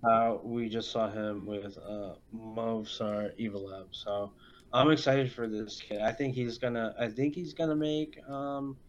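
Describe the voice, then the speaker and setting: A man co-hosting a casual fight podcast, speaking haltingly and filling his pauses with ums and uhs. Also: lowish voice, steady tone, a little hiss or hum. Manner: slow, halting, lots of fillers. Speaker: podcast co-host. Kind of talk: casual chat. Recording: dull lo-fi audio.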